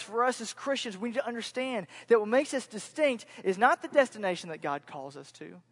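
A high-voiced man in his thirties from Central Florida delivers a sermon as a pastor. He speaks earnestly and repeats his key points, softening into reflective asides.

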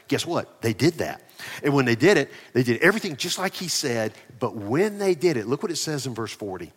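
Guy preaching a sermon, gets loud then drops quiet, middle pitch, lots of church-hall echo. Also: fairly quick, slightly rough. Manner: animated, swinging between loud emphasis and quiet asides. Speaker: pastor. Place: church near ball fields and a parking lot.

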